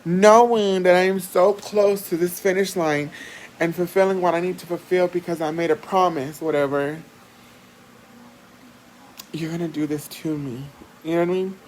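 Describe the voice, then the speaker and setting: A woman vlogger, telling a personal story in a chatty, animated way and swearing freely. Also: fairly low pitch, moderate pace, a little hiss or hum, low-quality recording. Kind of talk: casual storytelling.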